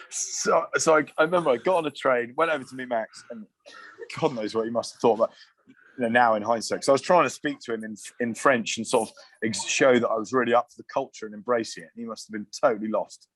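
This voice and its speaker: Animated man telling stories. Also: mid-range voice. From England. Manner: animated, swearing anecdotes with asides and restarts. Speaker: guest, former rugby player. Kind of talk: casual storytelling on a podcast.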